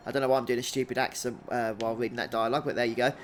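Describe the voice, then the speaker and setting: A man hosting a video game walkthrough in a relaxed, chatty way, thinking out loud as he plays. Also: mid-range voice, rapid-fire, few pauses, soft background music. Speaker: gaming channel host.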